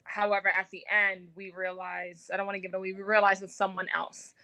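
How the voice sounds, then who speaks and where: A woman's voice: mid-range voice, flat delivery, a little fast, bright, forceful tone, low-quality recording. A woman giving a casual radio interview as an actress and guest, talkative with many filler words.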